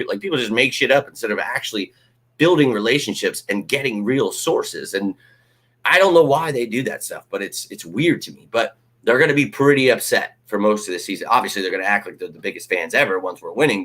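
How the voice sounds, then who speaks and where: A man's voice: on the low side, brisk. A man hosting a live fan stream, ranting casually, swearing freely and mocking critics. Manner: animated, ranting, swears freely, mocks critics in put-on voices.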